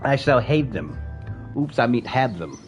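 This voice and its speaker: Rambling male game streamer, lively pitch. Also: unhurried. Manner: rambling, playful, mumbles asides to chat. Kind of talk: casual live-stream commentary. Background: faint music.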